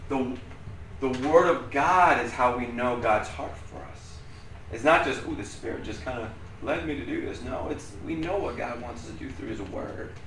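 A middle-aged man with a loud voice that carries, giving a casual youth sermon to a group of students and often checking in with "right?". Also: medium pitch, noisy background. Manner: conversational, often checks in with 'right?'. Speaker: youth pastor. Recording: roomy echo.

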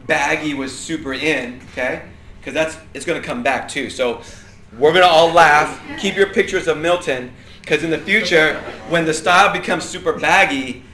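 A man leading an interactive Bible class, asking the group questions and joking as he teaches. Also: a little high. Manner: lively, asks the group questions, jokes and laughs. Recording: echoey room, faint ambience.

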